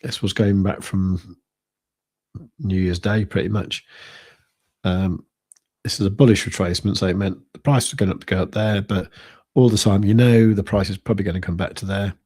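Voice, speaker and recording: Husky low-voiced British man rambling. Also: steady tone, moderate pace, mellow. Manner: rambling, thinking aloud with many fillers. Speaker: crypto trading livestream host. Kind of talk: casual live-stream chart commentary.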